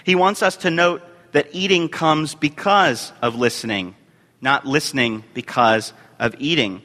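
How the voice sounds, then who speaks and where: A male minister preaching a sermon, his bright, forceful voice carrying long reverb around a church sanctuary. He reads scripture in measured phrases and lifts his voice for emphasis. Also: on the high side. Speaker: youth and family minister.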